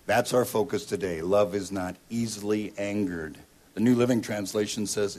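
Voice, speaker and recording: A male pastor giving a sermon in a conversational way, often pausing with ums and uhs. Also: lowish voice, a little mellow, a little hiss or hum.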